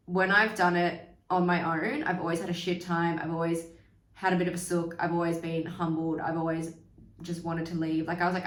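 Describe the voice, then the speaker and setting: Young woman rambling through a story, lowish voice, kinda far from the mic in an echoey room. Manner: chatty and candid, swearing freely, acting out quoted voices. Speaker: podcast host. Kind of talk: candid personal storytelling. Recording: roomy, from away from the mic.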